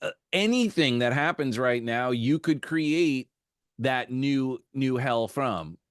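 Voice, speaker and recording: A man hosting an interview podcast over a video call, musing and telling stories in a relaxed conversational way. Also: mid-range voice, slow, no echo, studio quality. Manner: reflective, storytelling with acted quotes. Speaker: podcast host.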